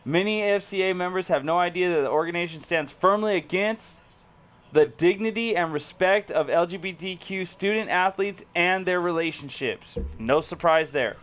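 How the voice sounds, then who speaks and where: A man's voice: high-pitched, normal speed, a bit bright. A young man in casual chat, joking around and reading web pages aloud in a laid-back way. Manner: laid-back, joking, says dude and bro.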